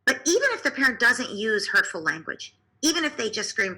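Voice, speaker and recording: A woman clinical psychologist explaining parenting to listeners in an animated way, asking them to imagine scenes. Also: fairly high pitch, brisk, few pauses, poor audio. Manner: animated, often acts out quoted speech.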